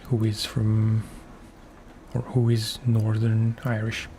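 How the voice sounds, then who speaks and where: A man streaming a game for relaxation, talking softly in unhurried, musing asides. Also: on the low side, monotone, a little hiss or hum. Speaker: gaming ASMR streamer. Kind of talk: soft-spoken gameplay commentary.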